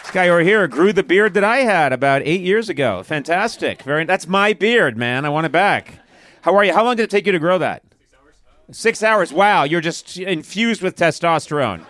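A man's voice: sits high, animated, moderate pace, a bit bright, a faint crowd. A man in his sixties hosting a live comedy podcast, joking, riffing and poking fun at himself. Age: 60s. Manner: joking, self-mocking and riffing. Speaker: podcast host. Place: live show on a stage.

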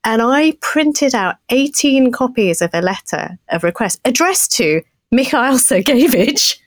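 A middle-aged woman hosting a podcast, telling a story in an animated, self-mocking way and laughing often. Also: fairly high pitch, a little slow, no echo. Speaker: podcast co-host. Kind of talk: casual storytelling chat.

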